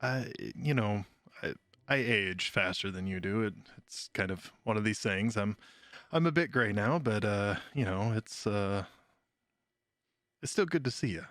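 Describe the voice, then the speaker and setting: A man playing a tabletop game, relaxed and joking. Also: on the low side, unhurried, no echo, studio quality. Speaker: player.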